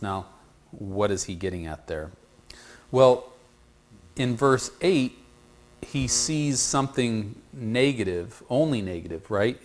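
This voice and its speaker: Low voice guy teaching bible class, stop-start, lots of restarts. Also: animated. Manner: halting, repeats words and restarts often; invites answers from the group.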